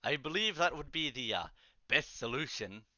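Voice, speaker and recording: A man voicing a hesitant, timid school artificer teacher who hedges and pauses. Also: medium pitch, expressive, pushed and bright, no room sound, dull audio. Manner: hesitant, hedging.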